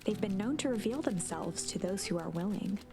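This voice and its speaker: A woman voicing a gentle, mysterious storybook narrator with a measured, confiding delivery. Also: medium pitch, animated, close to an everyday voice.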